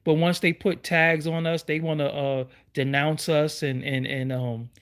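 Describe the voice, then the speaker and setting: A man's voice: a little high, level tone, measured pace, fairly bright tone, smooth. A middle-aged man, hosting his own online show and ranting to his viewers with heated, repeated rhetorical questions. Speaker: YouTube show host. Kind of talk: livestream rant.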